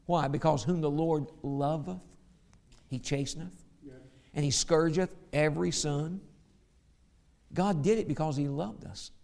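A man's voice: a little high, gravelly, darkish tone. A middle-aged man preaching a sermon, telling stories and reading scripture aloud. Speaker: pastor.

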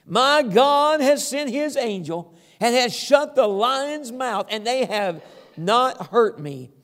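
A male preacher acting out the old prophet Daniel, calling up cheerfully in a raised, high voice. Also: lively intonation, slow pace, a bit bright, long reverb tail, full character voice. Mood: joyful.

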